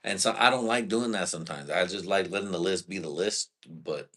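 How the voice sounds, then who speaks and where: A man with a very low, deep voice talks loosely on a live stream about his comedy night. He rambles through profane stories full of street slang and keeps checking in with "you know". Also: brisk, pushed and bright. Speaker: stand-up comedian and show host. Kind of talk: casual live-stream chat.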